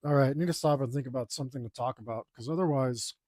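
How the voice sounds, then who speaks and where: A man chatting casually as he works on his art, rambling and joking at his own expense, with loud groans at the dull parts. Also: medium pitch, fast talker, dry recording, clean studio sound. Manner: rambling, self-deprecating, groans and sighs aloud. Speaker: artist streaming his drawing process. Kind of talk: casual talk while working.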